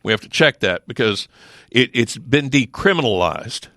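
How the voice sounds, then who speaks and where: A man's voice: mid-range voice, lively intonation, normal speed, pushed and bright, no room sound. A middle-aged man, a sheriff's office lieutenant, speaking in a casual studio chat, emphatic and full of rhetorical questions and restarts. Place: radio studio. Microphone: close studio mic.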